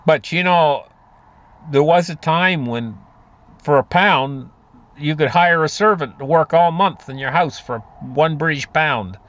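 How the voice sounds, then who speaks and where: A man's voice: on the high side, unhurried, fairly bright tone, highs cut off. A man giving a rambling, folksy monologue about money and markets, full of fillers and restarts. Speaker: market commentator. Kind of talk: casual monologue on finance.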